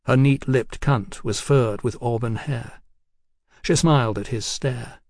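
A man giving a measured, unhurried scripted reading of a novel, recorded close on a studio mic. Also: mid-range voice, gravelly, a little mellow, no echo. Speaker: audiobook narrator.

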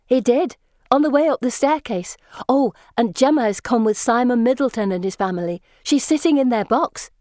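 Anne: breathless, excited teen girl, read by a woman narrator, slightly raised, dry. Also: mid-range voice, moderate pace, no room sound, lightly acted. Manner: breathless and eager. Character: eager, excitable teenage girl. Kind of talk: audiobook character voice.

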